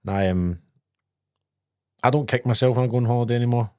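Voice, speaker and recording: A man's voice: mid-range voice, fast, dark tone, clear, resonant tone, no room sound, studio quality. A man with a Scottish accent co-hosting a podcast, telling sweary, laughing stories in casual chat. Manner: laddish, sweary storytelling with bursts of laughter. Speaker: podcast co-host.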